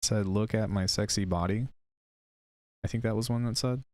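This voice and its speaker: Low-voiced male streamer, casual and rambling. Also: fairly even intonation, moderate pace, a little mellow, no room sound. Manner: rambling, hesitant, chatty with viewers. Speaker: music producer streamer. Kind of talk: casual live-stream software demo.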